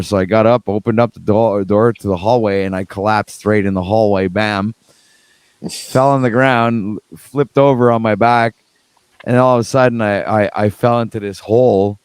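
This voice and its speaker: A man telling a story in casual chat on a video call, acting out the dialogue with lively energy. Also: lowish voice, no echo. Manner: animated storytelling, acts out dialogue.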